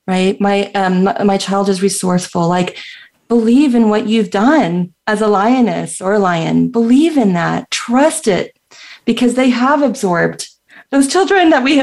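A woman's voice: medium pitch, a little mellow. A middle-aged woman talking as a guest on a radio show, earnest and encouraging. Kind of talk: casual interview chat.

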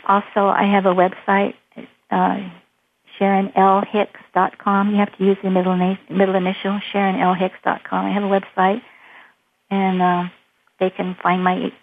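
A woman author tells lively anecdotes at a quick clip. Her voice has a gravelly, fry-edged texture. It comes through a thin, phone-like line. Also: medium pitch, slight background noise. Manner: lively, fast anecdote-telling. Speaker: author and guest. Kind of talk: storytelling in an interview. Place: Hawaii.

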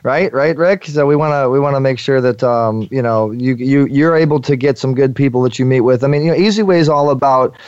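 A man hosting a radio interview, chatty and halting, stumbling over restarts and fillers. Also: medium pitch, a little mellow, smooth, dry recording, lo-fi sound. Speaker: radio show host.

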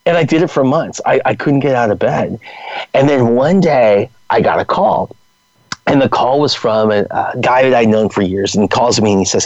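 A man telling a personal business story as an interview guest, animated and anecdotal, acting out quoted dialogue. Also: medium pitch, normal speed, dry recording, dull audio. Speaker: guest entrepreneur and speaker.

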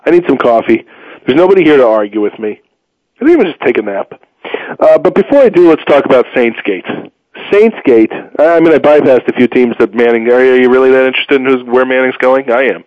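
A man hosting a solo sports talk show, opinionated and rambling, with sudden pitch jumps and a tired edge. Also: fast talker, no room sound. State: tired, low energy. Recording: dull muffled dry sound.

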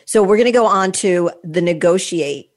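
Podcast host, woman, lower-pitched, gushing and conversational. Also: normal speed. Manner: effusive, chatty, rambling with restarts. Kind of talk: podcast interview.

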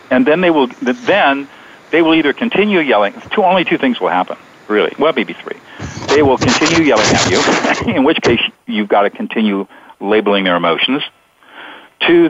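A man being interviewed as a guest author on radio, explaining his method in a measured, step-by-step way. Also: medium pitch. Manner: measured, explanatory, steps through points. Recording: dull lo-fi radio sound.

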